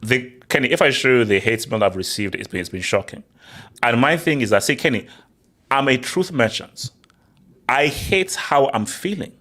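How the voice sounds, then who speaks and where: A man hosting a casual football chat, excitable and repeating himself as he argues. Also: medium pitch, moderate pace. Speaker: show host.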